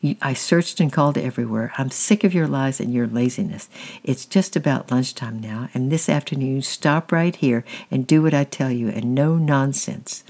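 A man voicing an irritable middle-aged stepfather who scolds loudly in a storybook reading. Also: mid-range voice, moderate pace, creaky. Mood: irritated scolding. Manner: scolding, loud.

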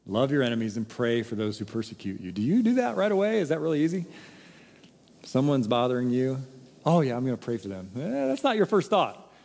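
Man, pastor, sermon, emphatic, rhetorical questions, mid-pitched voice, long echoing reverb. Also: very animated, a little fast, vocal fry, darkish tone.

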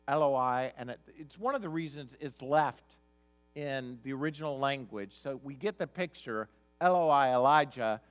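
A man preaching a sermon with a voice pitched a bit high for a man. He reads scripture aloud, then explains it in a plain, emphatic, conversational way. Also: fairly bright tone. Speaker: pastor.

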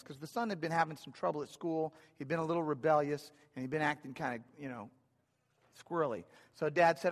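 Storytelling preacher, slightly high voice, echoing hall. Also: male voice, brisk. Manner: conversational storytelling, dry humor. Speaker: pastor. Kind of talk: sermon with personal stories. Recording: long hall reverb.

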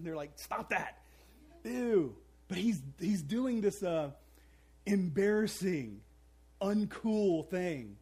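A man's voice: high-pitched, darkish tone, breathy edge. A man preaching a sermon, telling a story with playful asides and acting out the characters' voices. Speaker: pastor.

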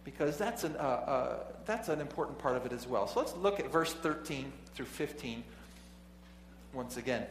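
Speaking at normal speed, this medium-pitched, animated man delivers a sermon. After reading scripture he shares a classroom story in a chatty way, chuckling and restarting often, while a faint hum fills the echoey hall.

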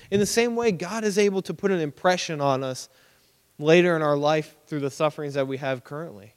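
A man's voice: a little high, a little fast, smooth. Young man preaching in a reverberant hall. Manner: conversational, animated, acts out reactions. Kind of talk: casual youth sermon.

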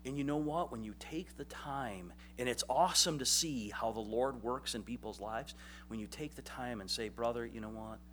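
A man's voice: medium pitch, normal speed, a bit bright, slight background noise. A man preaching a sermon in a conversational, self-deprecating way, often acting out little quoted exchanges. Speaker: pastor.

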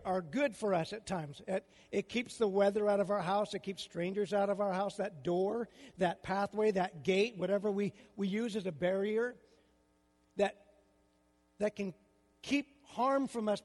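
A man's voice: sits high, darkish tone, long reverb tail. An older man preaching a sermon as a pastor, with a conversational style full of rhetorical questions.

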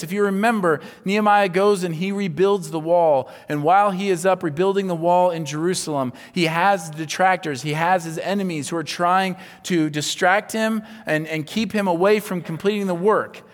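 A pastor preaching a sermon, his delivery swinging from hushed near-whispers to loud, emphatic exclamations. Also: high-pitched, moderate pace, few pauses, long reverb tail.

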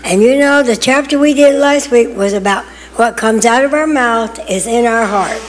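An older woman church member speaks up at a sharing time in church, chatty and emphatic, with laughing asides. Her voice sits a little high. It rings with a long reverb from the hall. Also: moderate pace, slight background noise.

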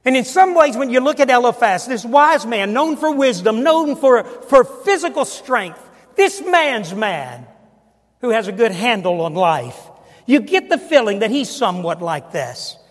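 An older man, a pastor, preaching a sermon, swinging from booming emphasis down to hushed, near-whispered asides. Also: very animated, unhurried, in a large hall. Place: church sanctuary.

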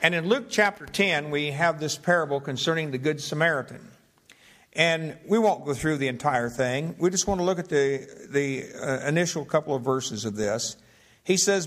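A man with a slightly raised pitch delivers a Bible teaching sermon. He reads old scripture slowly and deliberately. Then he explains it in a measured, plain teaching voice. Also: expressive, a bit bright. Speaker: preacher.

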